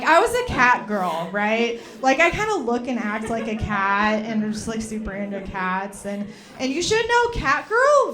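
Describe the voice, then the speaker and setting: A young woman performing a stand-up comedy set, chatty and rambling, with lots of fillers. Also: a little high.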